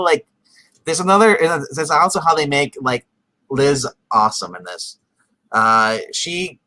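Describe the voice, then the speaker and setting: A man talks through a TV episode in a loose, rambling way, padding his sentences with fillers. His voice is bright and crisp at a middle pitch. He keeps jumping into the characters' lines with sudden lively bursts. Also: no echo, rough recording. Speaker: podcast co-host recapping a TV episode. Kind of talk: casual chat.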